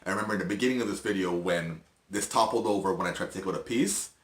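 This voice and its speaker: A middle-aged man sharing his personal testimony in an earnest, halting, emotional way, with restarts and soft laughs. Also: low voice, roomy sound. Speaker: video host.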